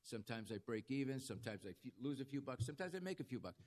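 A man's voice: mid-range voice, sing-song, quick pace, a little mellow. A man who has ministered in a jail for decades, preaching a casual, folksy sermon full of stories and calls for "amen.". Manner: folksy storytelling, calls for amens. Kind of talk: conversational sermon.

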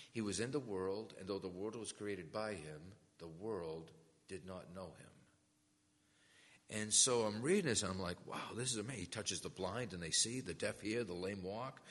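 Casting: low, bright-toned male preacher, storytelling testimony, big hall reverb. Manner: storytelling, acts out quoted voices. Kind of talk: testimony sermon.

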